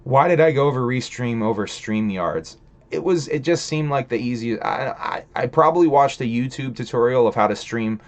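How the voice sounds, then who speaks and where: A man's voice: medium pitch, moderate pace. A man hosting a casual livestream, rambling profanely and chatting with viewers in the chat. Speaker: livestream host reading chat.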